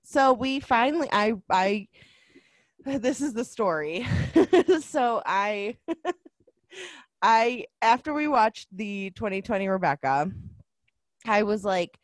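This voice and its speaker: A woman's voice: a little high, animated, slow pace, long pauses, no room sound. A woman co-hosting a podcast in casual chat, laughing often and restarting her sentences as she tells a story. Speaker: podcast co-host.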